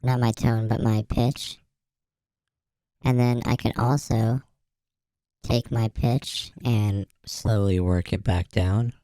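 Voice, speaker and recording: A young man demonstrating a voice changer that raises his voice, talking slowly and deliberately. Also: little pitch movement, dark tone, no room sound, clean studio sound. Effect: pitch-shifting voice changer raising the voice.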